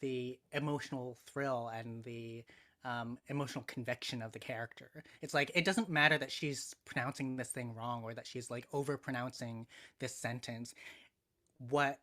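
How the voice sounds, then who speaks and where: A man's voice: medium pitch, fairly even intonation, normal speed, pushed and bright. A man in casual podcast talk as a guest writer, thoughtful and hesitant, with many fillers.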